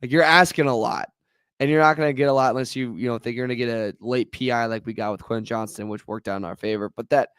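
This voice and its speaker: A man with a smooth, resonant voice co-hosts a sports podcast. He talks through plays in a measured, analytical way in casual chat. The recording is dry and close. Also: medium pitch, steady tone, a bit bright, dry recording. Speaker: podcast co-host.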